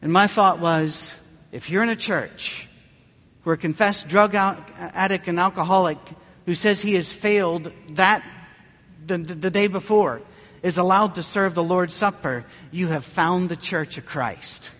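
A man preaching as a pastor, telling a personal story in an earnest, conversational way with emotional pauses. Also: high voice, fairly bright tone, big-room sound. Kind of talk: sermon storytelling.

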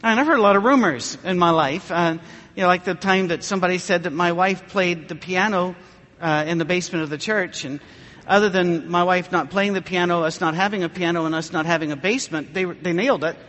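A man's voice: high voice, brisk, a bit bright, in a large hall. A man preaching a humorous sermon, telling stories in a dry way and acting out the people in them. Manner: dry storytelling with mock dialogue.

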